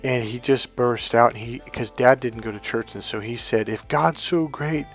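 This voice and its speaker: A man's voice: mid-range voice, level tone, normal speed, faint music behind. A middle-aged man giving dating coaching and telling a personal story in an earnest, emphatic way, sometimes acting out what others said. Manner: earnest, emphatic, acts out quotes.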